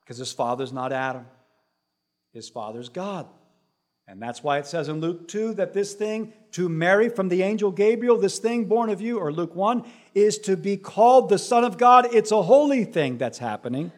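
A man preaching a sermon, dropping to a hushed low voice and then building to loud, rising emphasis, with repeated phrases stacked for effect. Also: moderate pace. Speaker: pastor.

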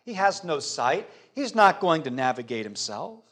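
Dramatic higher-voiced male preacher. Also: big pitch swings, moderate pace. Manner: dramatic, sweeping swings from loud to hushed, rhetorical questions. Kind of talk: sermon.

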